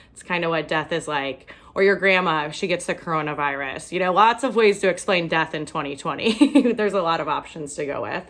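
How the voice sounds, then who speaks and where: A woman's voice: fairly low pitch, fairly quick, a bit bright. A young woman from Ohio performing a stand-up comedy set, self-deprecating and often laughing at her own jokes. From Ohio, USA.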